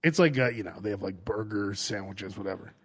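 A man, co-hosting a casual comedic chat show, telling an animated story full of acted-out quotes and frequent laughter. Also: lowish voice, a little fast, breathy edge. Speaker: podcast host.

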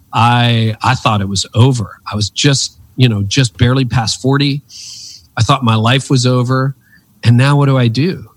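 A man in his fifties, a guest author telling stories with earnest, preacherly emphasis in a conversational interview. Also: medium pitch. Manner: animated storyteller with lively swings in emphasis.

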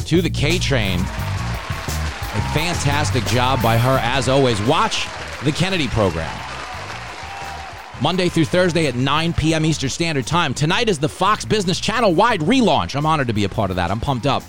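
A man's voice: mid-range voice, big pitch swings, moderate pace, over music, crowd noise. A man from Long Island, hosting a casual comedy show, joking and sarcastic about himself and the news. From Long Island, New York. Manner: joking, sarcastic, self-deprecating. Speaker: podcast host.

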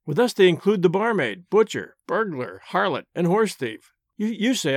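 Guy narrating an old essay, high voice that swings around a lot, dry measured delivery. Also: big pitch swings, no echo. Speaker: narrator reading a classic essay. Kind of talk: scripted narration.

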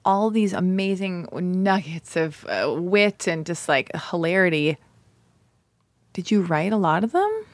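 A woman's voice: fairly low pitch, sing-song, a little slow, dry recording. A woman hosting a podcast, gushing in casual chat and swearing freely. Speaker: podcast host.

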